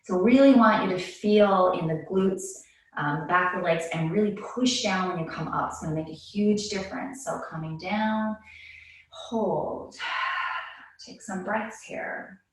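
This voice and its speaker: A woman leading a yoga class, calmly cueing breaths and movements, a little out of breath. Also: on the low side, unhurried, heavy reverb, distant mic, poor audio. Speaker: yoga instructor. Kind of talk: guided yoga class instruction.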